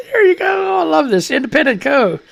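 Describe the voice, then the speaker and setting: A man's voice: very high voice, very animated, normal speed, vocal fry, a bit bright. A man hosting a live radio and stream show, rambling loosely and jokily through news headlines, muttering to himself between reads. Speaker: radio and livestream host.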